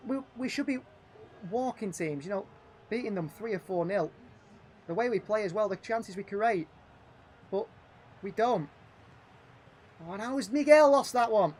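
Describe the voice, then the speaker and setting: Male stream host, high-pitched, running live play-by-play with animated, frustrated asides. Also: slight background noise. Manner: animated, frustrated, thinking aloud between match calls. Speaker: gaming livestream host. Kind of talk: live play-by-play commentary on a football management game.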